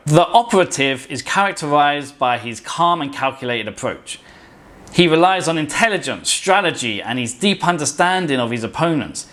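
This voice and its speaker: A man with a somewhat high-pitched voice talks through a casual film commentary. He is emphatic and opinionated, and he rambles, cutting off and restarting words as he goes. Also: expressive, normal speed, fairly bright tone. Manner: rambling, often stops and restarts words mid-sentence. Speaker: video essay host.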